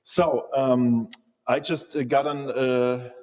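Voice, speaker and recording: A man's voice: mid-range voice, fairly even intonation, takes it slowly, a little mellow. A man hosting a live beer tasting, talking in a jokey, eager way and often stumbling over and repeating his words. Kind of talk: casual live-stream chat. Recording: long hall reverb.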